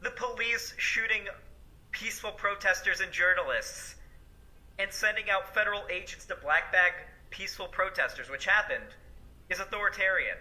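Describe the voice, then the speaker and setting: Mocking co-host with a very bright voice. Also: mid-range voice, moderate pace. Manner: mocking, crude. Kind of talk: casual commentary.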